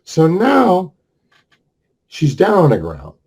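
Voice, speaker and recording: A man's voice: a little high, huge pitch swings, takes it slowly, vocal fry, darkish tone, breathy edge. Man telling a profane, heated story. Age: 60s. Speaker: vlogger. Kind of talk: casual storytelling rant.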